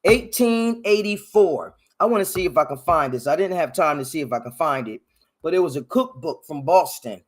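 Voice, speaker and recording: A man talks through a history topic on his own, wandering into tangents and correcting himself as he goes. His voice sits a little high, and he swings between low mutters and loud, lively bursts. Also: moderate pace. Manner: rambling, self-correcting, joking asides; loud animated bursts, sound-effect "ding" noises. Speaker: podcast host. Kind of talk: unscripted solo history commentary. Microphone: headphones and desk mic.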